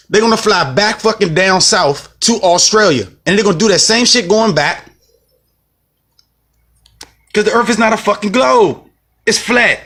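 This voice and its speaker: An American man rants heatedly in a casual vlog, cursing a lot and repeating himself while making his point. His voice sits a little high, with a bright, forceful tone.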